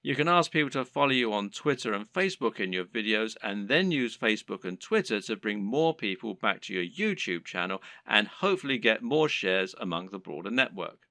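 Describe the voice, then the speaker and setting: A man with a lowish but bright, forceful voice talks through online business advice. His pitch moves a lot as he explains. The recording is dry and close, with no room sound. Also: big pitch swings, brisk, hardly any pauses, dry recording. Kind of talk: scripted advice narration.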